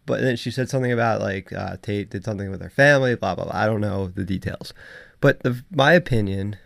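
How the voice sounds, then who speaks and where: A man's voice: lowish voice, fairly quick, creaky, no echo, clean studio sound. A young man casually recapping a fight night, rambling with many fillers and restarts. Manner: rambling, filler-heavy, frequent laughs and restarts.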